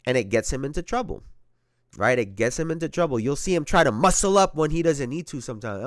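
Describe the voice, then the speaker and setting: A man hosting a casual sports talk show, swearing freely and getting worked up as he rants. His voice sits at an ordinary middle pitch. The sound is dry and close, with no room around it. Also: fairly quick, no echo. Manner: profane, animated, laughing often, repeats himself. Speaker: sports podcast host.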